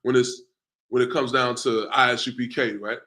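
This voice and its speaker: A man's voice: mid-range voice, steady tone, normal speed, pushed and bright, rough recording. A man hosting an online class in a loose, casual way, often tacking on "man" and "you know what I'm saying". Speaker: class host.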